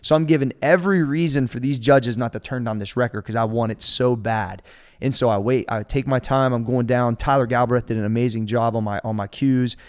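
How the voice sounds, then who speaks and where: A man's voice: medium pitch, fairly quick. A man in his forties, a strength coach, telling a story in casual podcast talk, acting out quotes and swearing freely. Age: 40s.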